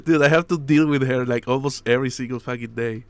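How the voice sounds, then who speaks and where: A man's voice: mid-range voice, steady tone, fast talker, smooth, no room sound. A man co-hosting a podcast in casual chat, laughing often and swearing, with some non-native phrasing. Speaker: podcast co-host.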